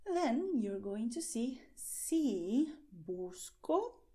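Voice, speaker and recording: A woman with a Spanish accent teaches an online language lesson, unhurried and patient. Her tone is mellow and warm, and her pitch rises and falls a lot as she says model phrases slowly and checks in with "okay?". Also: very animated. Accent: Spanish, from Spain. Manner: patient explanations, slow careful model phrases, frequent "okay?".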